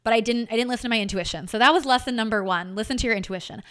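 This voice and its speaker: A woman hosting a podcast, telling a personal story in a candid, animated way and swearing freely as she goes. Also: fairly high pitch, very fast, smooth. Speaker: podcast host. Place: home.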